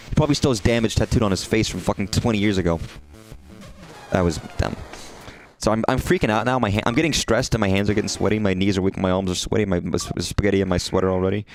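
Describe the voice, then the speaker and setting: A man's voice: fairly low pitch, quick pace, faint music behind. A man chatting casually while streaming a game, rambling and swearing freely. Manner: rambling, profane, animated. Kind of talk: casual gameplay livestream chat.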